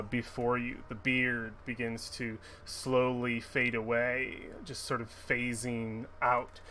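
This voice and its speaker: A man's voice: medium pitch, fairly bright tone, slight background noise. A man narrating a tabletop game as game master, rambling with many restarts. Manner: rambling, full of restarts and fillers.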